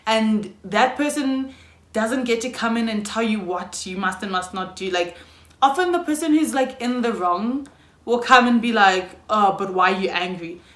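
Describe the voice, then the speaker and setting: A woman's voice: on the high side, normal speed. A young South African woman with a South African accent, talking frankly in a personal vlog, swearing freely and laughing often. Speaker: YouTuber. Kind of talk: candid personal vlog monologue. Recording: roomy echo.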